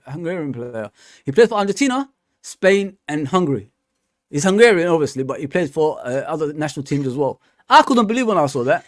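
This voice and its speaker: A fired-up man talks on a fan channel stream. His voice sits fairly high for a man and sounds close and dry, with no room around it. He rants, circles back to the same point and punctuates everything with "man". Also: no room sound. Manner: ranting, repeats "man" and "come on". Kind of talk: casual live-stream football talk.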